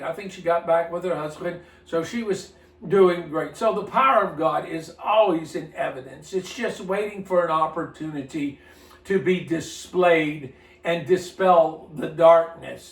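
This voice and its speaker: A man's voice: high voice, fairly bright tone, recorded from a distance. A man who is a minister, telling a story in a casual, folksy, rambling way and often repeating his words. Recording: roomy sound from off-mic.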